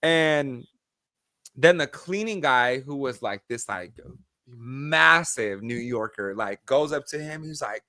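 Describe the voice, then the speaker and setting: Male podcast host, casual storyteller, somewhat high voice. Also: slow, dry recording, studio quality. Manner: animated storyteller, many filler likes.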